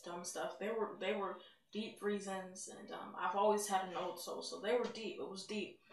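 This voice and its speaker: A woman's voice: mid-range voice, a little hiss or hum. Woman, candid personal testimony, conversational, roomy echo, mic set back. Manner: candid, conversational, emotional retelling. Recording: roomy sound, mic at a distance.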